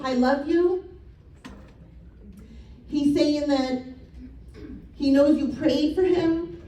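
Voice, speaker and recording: A woman's voice: high-pitched, warm tone. A woman psychic medium giving a live reading in a casual, blunt way, swearing and laughing. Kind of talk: live spirit-message reading. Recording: echoey room from a distance.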